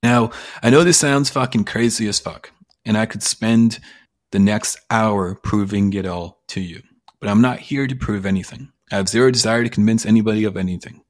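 Husky, blunt man giving a motivational talk. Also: lowish voice. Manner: blunt, casual, sprinkled with profanity; emphatic, persuasive. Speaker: self-help creator. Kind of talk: motivational monologue.

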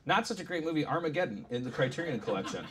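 A man's voice: big pitch swings, racing, slight background noise. A man hosting a live comedy podcast on stage, rambling and swearing as he retells a film scene. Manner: rambling, profane, mumbling low when retelling scenes. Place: theater stage before live audience. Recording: stage mic with loud crowd.

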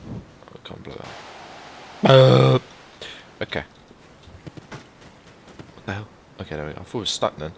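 A man with a fairly low voice giving casual commentary while he plays a video game. He talks to his viewers in a chatty, rambling way and swears freely. He breaks into loud, startled exclamations, and faint noise sits under his voice. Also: normal speed, gravelly, long pauses. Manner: excitable, swears often, bursts into loud exclamations. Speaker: gaming YouTuber.

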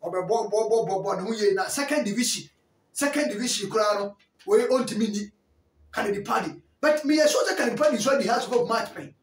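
Emphatic Ghanaian football commentator, echoey. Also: male voice, sits high, expressive, brisk. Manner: emphatic, bursts of raised voice. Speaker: sports commentator. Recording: roomy echo, distant mic.

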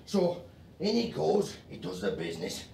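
An actor playing a coarse working-class gravedigger, trading gruff, crude banter on location. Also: male voice, on the high side, wildly swooping pitch, normal speed, background noise, exaggerated voice. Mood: joke-telling. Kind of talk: film acting. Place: outdoors on location. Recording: echoey location sound from a distance.

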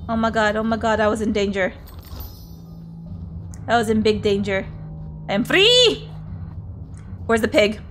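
A woman's voice: medium pitch, level tone, moderate pace, pauses often, soft background music. A woman streaming a video game, chatting to herself and her viewers and swearing often as she plays. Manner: chatty, swears a lot, talks to herself and chat. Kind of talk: casual gameplay commentary.

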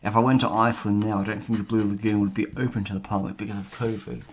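A man's voice: lowish voice, flat delivery, quick pace, slight background noise. A man vlogging casually as he scratches off a map, rambling and chatty with lots of fillers. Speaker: travel vlogger.

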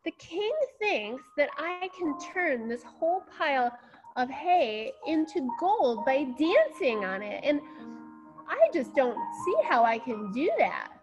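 A woman's voice: high-pitched, big pitch swings, slow pace, lo-fi sound, music in the background, exaggerated voice. A woman voicing a worried young ballet-dancing girl in a children's story, speaking timidly and hesitantly.

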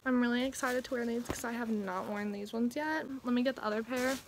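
A young woman chatting casually through a clothing haul vlog at home, speaking softly and sometimes half-whispering so as not to wake her family. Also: a little high, brisk, background noise. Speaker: vlogger. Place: at home indoors.

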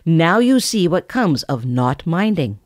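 A woman's voice: low-pitched, very animated, a little slow, a little mellow, no echo, clean studio sound. A woman voicing a stern mother bear scolding her cubs firmly. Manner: firm, scolding.

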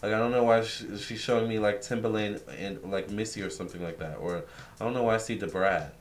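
A man's voice: on the low side, fairly even intonation, quick pace. A young man giving a casual psychic reading, relaying what a spirit tells him with many fillers and restarts. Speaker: tarot reader.

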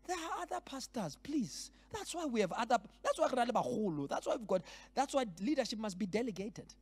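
Male pastor, high and expressive, animated workshop teaching. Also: fairly quick, husky. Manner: animated, switches between languages, acts out scenes. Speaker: pastor leading a leadership workshop. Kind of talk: lively church teaching. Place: church hall.

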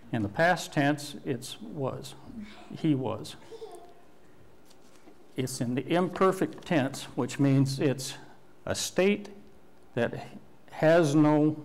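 Slow-speaking older male pastor preaching. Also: medium pitch, creaky, darkish tone, slight background noise. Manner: slow, deliberate teaching with pauses and restarts. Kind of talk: sermon. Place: church sanctuary.

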